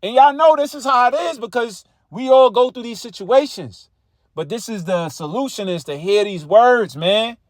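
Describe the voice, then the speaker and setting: Speaking at normal speed in a very high-pitched voice, this man gives street-style Bible teaching that's profane, repetitive and conversational. The studio-quality recording has no echo.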